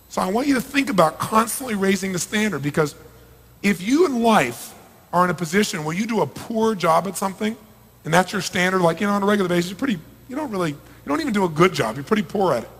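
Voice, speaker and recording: A middle-aged man gives a live motivational talk in a high voice. He swings between hushed, intimate lines and loud, emphatic outbursts. A long hall reverb trails every phrase. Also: animated, fast, breathy edge. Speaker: motivational speaker. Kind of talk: live seminar talk to an audience. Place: large event hall.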